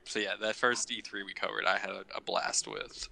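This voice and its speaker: Low, gravelly man on a podcast. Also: steady tone, brisk, bright, forceful tone, poor audio. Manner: easygoing, hedging with "like". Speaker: podcast co-host. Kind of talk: casual chat.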